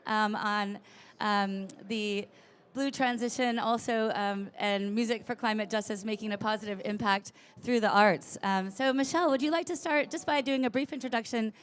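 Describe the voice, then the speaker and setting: A woman's voice: medium pitch, moderate pace, smooth. A woman moderating a conference panel, introducing speakers with many ums and uhs. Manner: friendly, lots of um and uh fillers.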